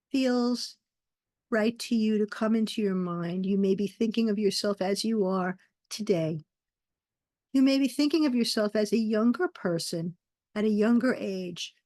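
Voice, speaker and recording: Woman meditation teacher on a video call, unhurried and soothing, slightly high voice, dry sound. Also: no echo. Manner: slow, soft, soothing guidance with pauses. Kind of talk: guided meditation class.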